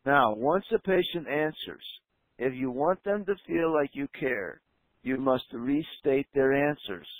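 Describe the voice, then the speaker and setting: A man coaching dental front-desk staff in a training talk, emphatic and slowing down to stress key points. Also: medium pitch, lively intonation, dry recording, low-quality recording. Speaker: practice coach.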